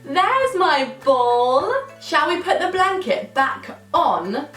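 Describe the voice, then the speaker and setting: British female children's presenter, high and drawn-out, sings often; recorded a bit off-mic in a roomy space. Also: very animated, a bit bright. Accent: British English. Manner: slow, exaggerated, sing-song with frequent singing. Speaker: toddler speech teacher. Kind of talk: sing-song toddler lesson. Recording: roomy, slightly distant mic with faint music.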